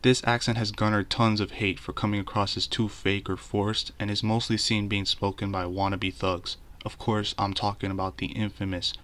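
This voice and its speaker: A young man from Toronto with a Toronto accent, narrating a mock documentary in a deadpan, explanatory way. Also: fairly low pitch, moderate pace, hardly any pauses. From Toronto, Canada. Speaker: comedy creator.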